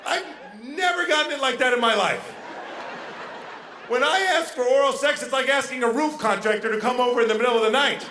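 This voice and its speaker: Male stand-up, high bright voice, animated, roomy venue with faint noise. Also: a little fast. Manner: animated, swings into loud mock outrage. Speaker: stand-up comedian. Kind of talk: stand-up set. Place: live comedy venue.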